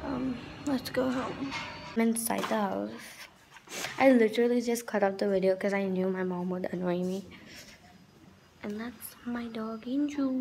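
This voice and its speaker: A woman chatting casually at home for her vlog, rambling with lots of fillers and switching to high baby talk for her dog. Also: unhurried, creaky, mellow, a little hiss or hum. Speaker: vlogger. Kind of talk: casual day-in-the-life vlog. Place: at home indoors.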